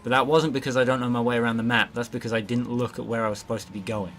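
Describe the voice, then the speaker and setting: A man's voice: mid-range voice, steady tone, rapid-fire, fairly bright tone, slight background noise. A man casually narrating his gameplay as a let's play host, rambling with lots of fillers and frequent swearing. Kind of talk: gameplay commentary.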